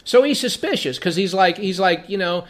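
High-voiced man teaching scripture. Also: lively intonation, moderate pace. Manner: explains verse by verse, reading passages then commenting; repeats words while thinking. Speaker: Bible teacher.

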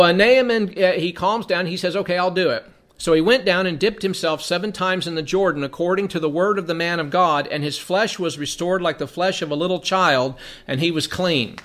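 A man's voice: sits high, normal speed, a bit bright. A man teaching from the Bible, reading passages aloud and then explaining them in a conversational way, often repeating words as he thinks.

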